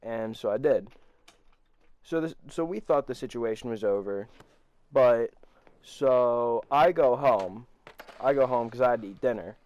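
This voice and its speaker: A man's voice: medium pitch, measured pace, pauses often, darkish tone. Rambling teenage guy telling a story. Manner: rambling, profane, laughs while telling. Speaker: vlogger. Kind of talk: storytime vlog.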